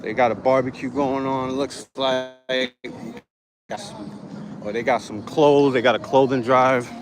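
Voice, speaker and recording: A man's voice: mid-range voice, steady tone, a little slow. A man live-streaming from a phone as he walks city sidewalks, talking to the camera in a brash, defiant, profane way, hot and sweating. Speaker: street vlogger. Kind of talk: live-streamed walking vlog. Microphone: handheld phone. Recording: faint outdoor street noise. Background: street traffic ambience.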